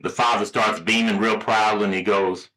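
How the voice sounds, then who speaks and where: A man co-hosting a casual talk show and telling a joke, doing squeaky voices for the characters. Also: fairly even intonation, moderate pace, pushed and bright, low-quality recording. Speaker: co-host.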